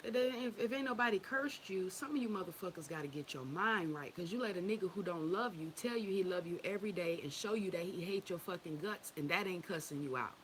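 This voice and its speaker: A woman talks straight to her followers on a livestream. Her voice sits a little low, and she swears freely and laughs often. Under the profanity she is candid and affectionate, and a faint hiss runs behind her. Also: expressive, a little fast, hardly any pauses. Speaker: women's wellness group leader. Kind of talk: casual livestream talk.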